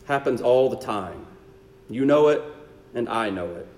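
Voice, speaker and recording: A man preaching a sermon, asking rhetorical tag questions and dropping to a hushed low voice for emphasis. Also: animated, measured pace. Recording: long hall reverb.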